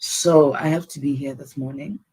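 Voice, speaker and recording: A woman hosting a live stream in casual talk, halting and teary, often sighing and pausing. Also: very deep voice, fairly even intonation, warm tone, husky, poor audio. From South Africa. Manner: halting, with many sighs and pauses. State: teary, close to crying.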